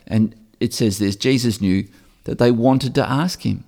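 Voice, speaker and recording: A man's voice: medium pitch, measured pace, vocal fry, darkish tone. Earnest preacher man in a reverberant hall. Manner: earnest, repeats phrases for emphasis. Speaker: pastor. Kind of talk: sermon. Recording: long reverb of a large hall.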